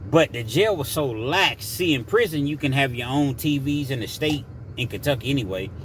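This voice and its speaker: A man's voice: mid-range voice, animated, normal speed, slight background noise. A man casually telling a story from his prison days in a conversational, digressive way.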